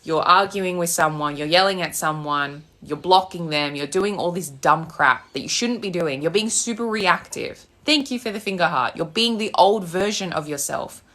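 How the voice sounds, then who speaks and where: A woman's voice: fairly low pitch, normal speed, hardly any pauses, sharp tone. A young Australian woman, a manifestation coach, ranting bluntly on a live stream and swearing freely. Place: home with loud birds outside.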